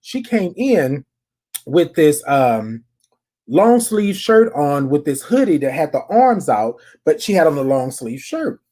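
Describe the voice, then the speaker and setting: A podcast host telling a story casually, animated, repeating phrases and talking straight to the listeners. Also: mid-range voice, unhurried.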